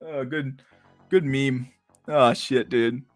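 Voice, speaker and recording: A young man hosting a livestream, ranting casually with heavy swearing and loud bursts of laughter. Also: medium pitch, fairly even intonation, slow, dry recording, studio quality, faint music behind. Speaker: livestream host.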